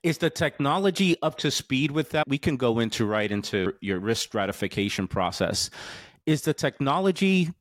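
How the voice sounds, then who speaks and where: A man in his fifties with a New York accent hosting an interview, casual and curious, asking quick follow-up questions. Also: mid-range voice, very animated, no room sound, clean studio sound. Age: 50s. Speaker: podcast host. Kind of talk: interview conversation.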